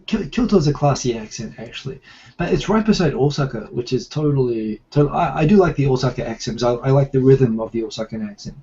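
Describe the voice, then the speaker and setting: A man's voice: medium pitch, animated, fast, mellow. Man, New Zealand accent, livestream host, rambling casual chat, dull lo-fi sound. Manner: chatty, rambling with restarts.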